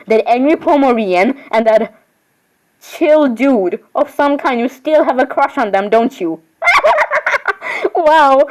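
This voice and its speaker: Voicing all the dolls in an improvised game she's put together, a high-voiced woman chats and rambles, now and then squealing in surprise. Her tone is darkish and the recording is rough.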